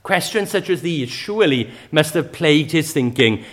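A man's voice: on the high side, animated, normal speed, few pauses, fairly bright tone. A man preaching a sermon, speaking with passion and often asking rhetorical questions of his listeners. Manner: impassioned, rises to cries in quoted prayers.

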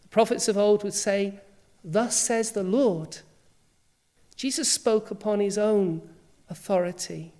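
A woman's voice: mid-range voice, a little slow, long pauses, warm tone. A woman preacher delivering a sermon, emphatic and full of rhetorical questions.

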